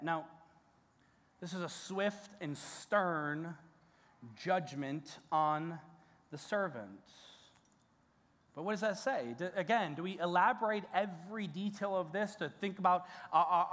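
A male pastor preaching a sermon in a conversational, emphatic way, with restarts and rising peaks of intensity. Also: a little high. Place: church sanctuary. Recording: long church hall reverb.

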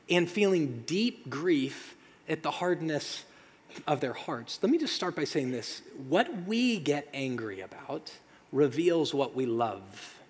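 A male pastor with a slightly high, husky voice delivers a sermon in a casual, conversational way. He leans on dramatic pauses and rhetorical questions. His words ring out with a long reverb, as in a large hall. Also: big pitch swings.

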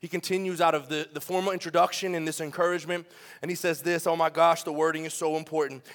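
A young adult man preaching a sermon in a church, animated and joking, firing questions at the congregation. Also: a little high, quick pace. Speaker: pastor. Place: church sanctuary.

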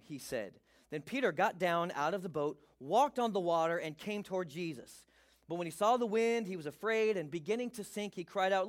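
A male pastor giving a sermon, reading scripture and joking with the congregation in a lively way. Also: sits high, fairly quick.

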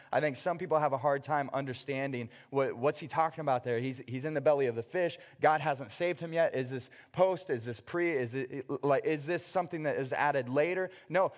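A man in his thirties, a father, preaching a conversational sermon. He acts out little scenes and bursts out loud in places. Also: mid-range voice, brisk, big-room sound. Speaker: pastor.

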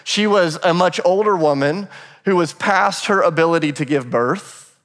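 A man pastor giving a sermon, telling the story with animated, conversational energy and briefly acting out quoted voices. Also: on the high side, normal speed, big-room sound. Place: church sanctuary.

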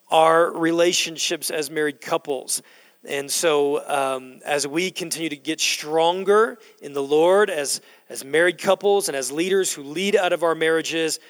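A middle-aged male pastor preaching a sermon in a church, slowing down to stress key words and building to loud emphasis. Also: on the high side. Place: church sanctuary. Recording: long hall reverb in a church.

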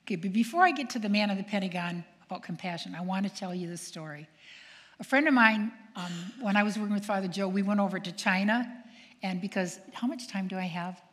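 An older woman speaks as a nun and tells stories to a gathered audience. She acts out the people she quotes and keeps asking her listeners to reflect. Her voice rings with a long reverb from a large hall, at a medium pitch. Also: a little fast. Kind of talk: storytelling talk to an audience.

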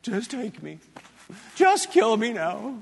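A man's voice: high-pitched, very animated, gravelly, a little mellow, husky, in a large hall, exaggerated voice. A man putting on a whiny sulking prophet. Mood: despairing. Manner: whining, drawn-out and indignant. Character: sulking, whiny male prophet complaining to God.

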